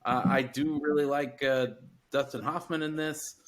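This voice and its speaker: A man's voice: mid-range voice, fairly even intonation, normal speed. Hesitant Southern man hosting a podcast. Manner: hesitant, many fillers and restarts. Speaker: podcast host. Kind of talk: casual chat.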